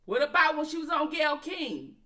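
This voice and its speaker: Blunt, profane woman with a bright voice. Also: high-pitched, sing-song, a little fast. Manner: blunt, profane, emphatic, talks back to chat. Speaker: commentary channel host. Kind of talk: casual commentary, addressing viewers and chat.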